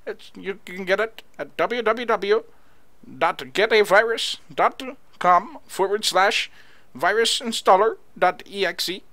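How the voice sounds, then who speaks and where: A man putting on a fake tech-support caller with formal, coaxing patter. His voice is high and bright, and his delivery is unhurried. He sounds eager to sound official. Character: scam tech-support phone caller, smooth and persuasive.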